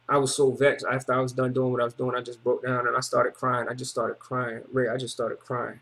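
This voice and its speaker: Man, husky, slangy and repetitive; emotional personal testimony, loose rambling delivery. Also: mid-range voice, monotone, brisk, hardly any pauses, fairly bright tone. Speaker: testimony speaker.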